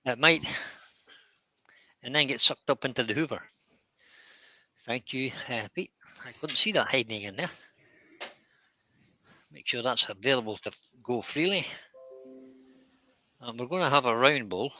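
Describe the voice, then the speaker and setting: Bright-voiced man demonstrating woodturning. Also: medium pitch, measured pace, pauses often, rough recording. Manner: relaxed, chatty instruction. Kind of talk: live workshop demonstration. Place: workshop.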